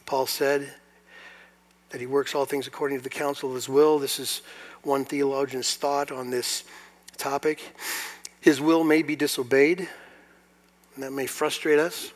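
A man preaching a sermon to a congregation, moving between quiet, confiding asides and loud, emphatic passages and putting rhetorical questions to his listeners. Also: mid-range voice, level tone, a little slow, long pauses. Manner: asks the audience rhetorical questions. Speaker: pastor. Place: church hall before a congregation.

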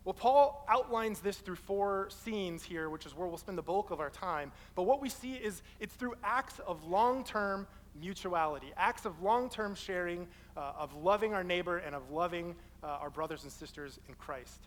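A young man preaching a sermon in a casual, animated way, telling a personal story. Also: sits high, moderate pace, hardly any pauses, long reverb tail. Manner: casual, animated, acts out quoted people in his story.

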